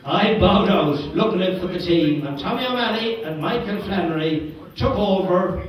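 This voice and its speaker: A man's voice: high voice, expressive, normal speed. Older Irish man telling stories in an echoey hall. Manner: chuckling storyteller, acts out quotes. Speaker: former team manager giving a speech. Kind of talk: anecdotal after-dinner speech. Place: function hall. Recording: echoey hall, distant mic.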